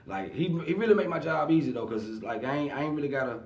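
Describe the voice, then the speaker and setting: A man, a guest in a casual interview, talking in a relaxed, rambling way full of fillers. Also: medium pitch, quick pace, vocal fry, distant mic, muffled recording. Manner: relaxed, rambling, many fillers like "you know what I mean". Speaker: artist manager, guest. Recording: echoey room, voice off-mic.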